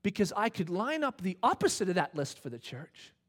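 Man, thirties, pastor, high-pitched, animated sermon storytelling. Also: fairly quick. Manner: animated, acts out voices in his stories.

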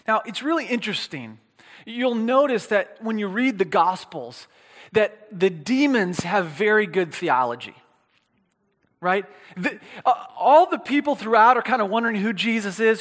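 A high-pitched, expressive man preaches at a moderate pace in a slightly bright tone. His sermon is casual and conversational, with frequent check-ins, restarts and playful asides, echoing with a hall's long reverb.

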